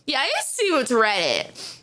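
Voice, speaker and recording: High, lively young woman streamer. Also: moderate pace. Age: young adult. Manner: excitable, laughs often, swears casually. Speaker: streamer reacting to videos. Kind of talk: casual live-stream chat.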